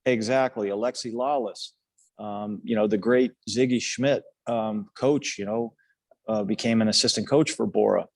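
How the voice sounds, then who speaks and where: Older man telling a story, low and dry. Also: steady tone, normal speed, no room sound. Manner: rambling, frequent restarts and fillers, earnest. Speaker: podcast guest, former national team player. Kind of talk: casual storytelling interview.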